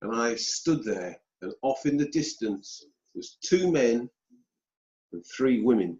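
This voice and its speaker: A British man telling a personal story as an interview guest, slow and deliberate with pauses. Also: mid-range voice, expressive, darkish tone. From United Kingdom. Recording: dull roomy sound.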